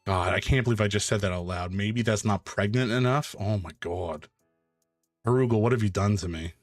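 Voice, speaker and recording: A man streaming live, chatting casually while he draws, rambling and self-mocking with sudden loud exclamations. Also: deep voice, brisk, no room sound, clean studio sound, faint music behind.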